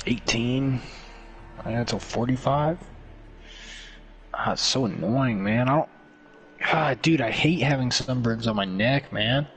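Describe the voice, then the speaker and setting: A young man streaming games and chatting casually, excitable and joking, swinging between whiny pleading and low muttering. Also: a little slow, long pauses, soft background music. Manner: excitable, joking, lots of laughter. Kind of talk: casual gaming stream chat.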